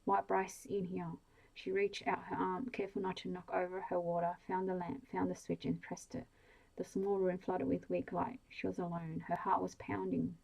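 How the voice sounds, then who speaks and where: A woman reads a bedtime story in a soft, hushed ASMR voice, slow and steady. Her tone is low and dark, with a gravelly, breathy grain, and it barely rises or falls. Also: lo-fi sound. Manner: slow, hushed, even delivery.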